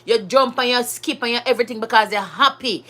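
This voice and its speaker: Chatty Jamaican woman, bright voice. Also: on the high side, brisk. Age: adult with school-age children. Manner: chatty, emphatic, mixes patois and English. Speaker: vlogger. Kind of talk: casual monologue to camera.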